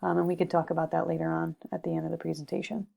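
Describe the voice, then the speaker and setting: A woman's voice: low-pitched, little pitch movement, rapid-fire, vocal fry, mellow. A young woman giving a recorded slide lecture on grammar, methodical, with frequent "okay" and "um". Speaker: teacher presenting a lesson.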